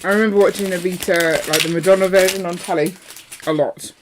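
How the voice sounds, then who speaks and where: A woman's voice: fairly low pitch, steady tone, a little fast, very noisy. A woman hosting a live building stream, chatting casually and playfully while she works. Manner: chatty and playful, breaks into song.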